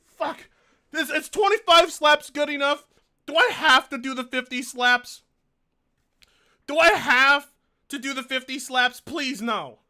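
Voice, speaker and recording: A man's voice: very high voice, unhurried, long pauses, bright, forceful tone. A man streaming live, reading donations aloud, swearing and groaning in pain in a whiny, exasperated way. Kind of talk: casual live-stream chat.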